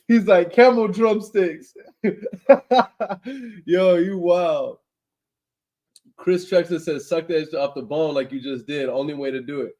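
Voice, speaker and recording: A young man hosts a laid-back livestream, reading viewers' comments aloud and reacting with slang and easy laughter. His voice sits a little high for a man. He talks at an unhurried, drawn-out pace. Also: darkish tone. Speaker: livestream host reading chat. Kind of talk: casual livestream chat.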